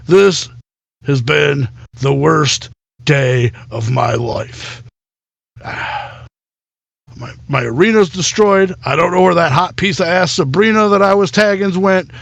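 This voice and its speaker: A man's voice: fairly high pitch, slow pace, creaky, a bit bright, no room sound, full character voice. A man voicing a furious, emaciated old man who rants and swears. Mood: bitter. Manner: ranting and swearing. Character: furious old male arena owner, cursing.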